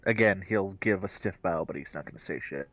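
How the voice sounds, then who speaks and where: A man's voice: low voice, fairly quick, fairly bright tone, dry recording. A man playing a tabletop game, describing his silent character's actions in a terse, dry way. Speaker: player.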